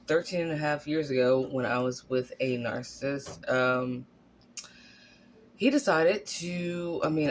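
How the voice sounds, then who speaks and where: A woman's voice: extremely low pitch, a little hiss or hum. Blunt, candid woman telling her story. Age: 40s. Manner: candid, blunt, profane, animated, acts out quotes. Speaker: vlogger.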